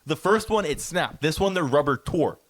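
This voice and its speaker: A man's voice: on the high side, lively intonation, normal speed, dry recording. A man co-hosting a podcast, telling a long story in a rambling way, with many stammered restarts and a lot of swearing. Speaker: podcast co-host. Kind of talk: casual storytelling.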